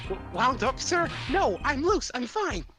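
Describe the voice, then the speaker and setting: A man's voice: very high voice, very animated, a little slow, pushed and bright, faint music behind, pitched above the performer's own voice, exaggerated voice. A man voicing a jittery young male rookie lawyer who stammers and keeps insisting he is fine, with a strained, screechy voice. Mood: flustered. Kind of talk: reading game dialogue aloud.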